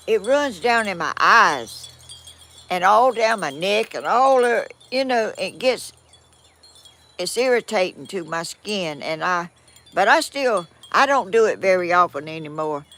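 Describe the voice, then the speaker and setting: An older woman with a Georgia Southern accent, talking at an unhurried pace in a rambling, self-deprecating way. Her pitch swings freely up and down, and her tone comes across bright. She sounds like a grandmother sharing a folksy chat. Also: expressive. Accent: Southern American, Georgia. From southern United States. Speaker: vlogger. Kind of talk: casual chat reading viewer comments.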